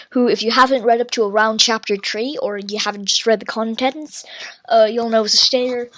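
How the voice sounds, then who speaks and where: Woman, podcast host, slightly high voice, dry close sound, rambling casual reader who corrects her own slips. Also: a bit bright, no echo. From Ireland. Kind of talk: casual book review with reading aloud.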